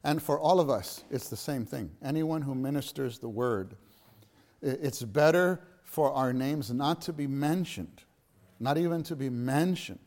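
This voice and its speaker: A man's voice: medium pitch, unhurried, a little mellow. A middle-aged man leads a church lesson in a meeting room with listeners, speaking earnestly. His voice sits in an ordinary middle register. He repeats key phrases to stress a point. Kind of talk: church teaching talk to a gathering.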